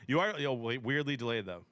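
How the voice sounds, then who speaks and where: A man hosts a casual sports show over a live stream and talks eagerly and slangily about bets and games. His voice sits at a middle pitch and sounds dry and close, with almost no room sound. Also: no echo. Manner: chatty, excitable, slangy banter about bets.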